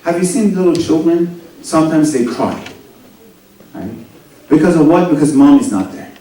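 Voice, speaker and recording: A man preaching a sermon, swinging between loud rising lines and soft low asides, often asking the audience questions. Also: normal speed. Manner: animated, rising and dropping to near whispers, asks the audience questions. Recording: very echoey hall, voice from a distance.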